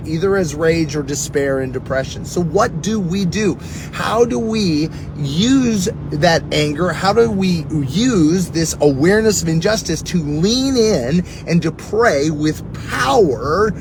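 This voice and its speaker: Middle-aged guy, kinda high voice, earnest chatty preaching, steady rumble behind him. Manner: earnest, conversational preaching with personal stories. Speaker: prayer teacher. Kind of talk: teaching on prayer. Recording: steady rumbling background noise.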